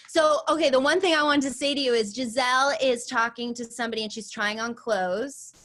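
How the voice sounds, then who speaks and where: A woman teaching an acting class in a chatty, animated way, acting out lines as she explains. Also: medium pitch. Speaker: acting coach.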